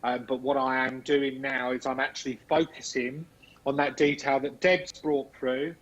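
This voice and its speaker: A man leads a live spirit-calling session, repeating his earnest pleas again and again. His voice sits at a middling pitch. It arrives dull and lo-fi, as if over a video call. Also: little pitch movement, moderate pace. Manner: earnest, repetitive pleading invocations. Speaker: psychic medium.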